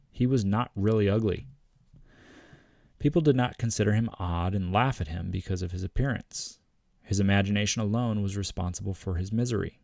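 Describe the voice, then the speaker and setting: A man hosting a self-help channel, reading passages from a book in a measured, earnest way and adding his own commentary. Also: fairly low pitch, darkish tone, no echo, clean studio sound.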